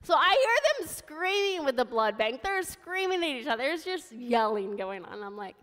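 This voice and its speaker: A woman's voice: high voice, big pitch swings, moderate pace, hardly any pauses, a bit bright, in a large hall. A woman in her thirties giving a sermon, telling her own story in a candid, conversational way. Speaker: preacher. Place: church sanctuary.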